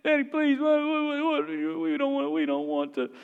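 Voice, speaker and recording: A man's voice: very high voice, big pitch swings, brisk, vocal fry, big-room sound, narrow, tinny audio, voice pushed up, full character voice. A preacher voicing his two young sons, panicky boys who bawl and bargain frantically with their dad. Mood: frantic. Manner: frantic and bawling.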